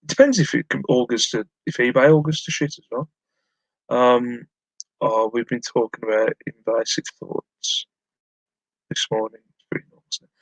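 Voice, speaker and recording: A man's voice: mid-range voice, normal speed, no room sound, rough recording. A man hosting a live stream from home, chatting casually and rambling as he reads out his viewers' messages with self-mocking humour. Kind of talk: casual chat while reading live chat.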